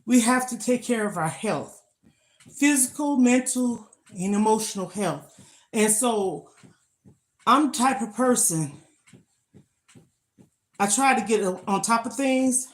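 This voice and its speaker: A woman's voice: on the high side, animated, slow pace, long pauses. An older woman chatting casually on a live stream while she exercises, talking in an emphatic, motivational way into a phone. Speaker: lifestyle vlogger.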